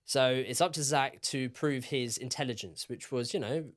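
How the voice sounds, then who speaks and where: A man's voice: medium pitch, moderate pace. A young man co-hosting a podcast in casual, rambling chat, teasing his friend. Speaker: podcast co-host.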